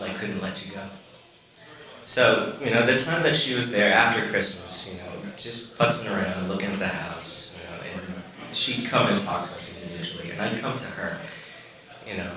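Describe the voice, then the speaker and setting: Man, late thirties, from the Philippines, somewhat low voice, halting live storytelling with fillers, big echoey room with an audience. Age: late 30s. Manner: halting, leans on "you know" fillers. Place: stage before a live audience.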